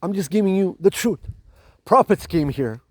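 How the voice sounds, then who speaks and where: Dramatic preachy man with a high voice. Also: animated, normal speed, no room sound, clean studio sound. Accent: non-native accent. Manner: dramatic, preachy, repeats "my galactic family"; emphatic, with restarts and repetition. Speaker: spiritual channel host. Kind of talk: spiritual monologue to camera.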